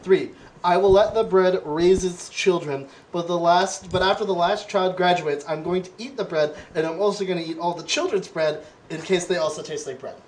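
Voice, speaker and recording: Guy hosting a goofy podcast, reading quiz questions out loud, playful. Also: sits high, fairly even intonation, moderate pace, a little hiss or hum. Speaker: podcast host. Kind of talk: casual comedic chat.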